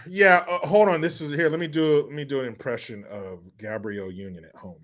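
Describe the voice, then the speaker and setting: A man's voice: fairly high pitch, normal speed. A man hosting crude comedic commentary, ranting in a sarcastic, profane way. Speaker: commentary host.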